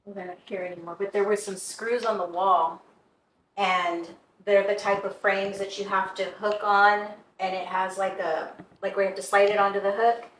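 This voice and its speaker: A woman's voice: mid-range voice, normal speed. A woman who owns a shop tells of strange events in casual conversation, acting out what people said. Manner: animated storyteller who acts out quoted dialogue. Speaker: shop owner and tattoo artist. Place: indoors in a shop. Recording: echoey room, mic some distance off, faint background hum.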